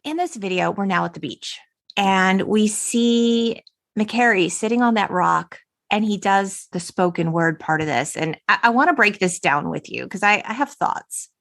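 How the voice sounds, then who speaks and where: A woman hosting a podcast in casual chat, animated and giggly, acting out quotes as she talks. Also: medium pitch, moderate pace, vocal fry, dry recording, clean studio sound. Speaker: podcast host.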